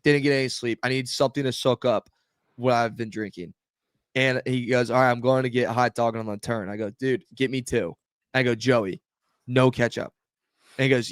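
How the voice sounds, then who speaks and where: A man co-hosting a podcast, telling a story in casual chat and shouting out the lines he quotes. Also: mid-range voice, moderate pace, clear, resonant tone, no room sound, clean studio sound. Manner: animated storyteller, shouts when quoting others. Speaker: podcast co-host.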